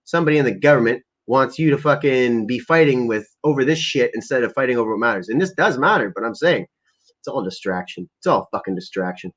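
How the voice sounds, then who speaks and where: A man's voice: mid-range voice, expressive, fast. A man ranting crudely and rambling on a casual livestream while stoned, as he sets up prank calls. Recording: lo-fi muffled recording.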